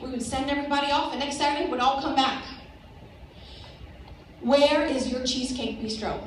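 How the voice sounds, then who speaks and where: A woman's voice: high-pitched, a little hiss or hum. A woman, giving an emphatic motivational speech to a crowd at a sales event. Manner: rallying, emphatic, addresses crowd directly. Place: large event hall. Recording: echoey hall recorded from far off.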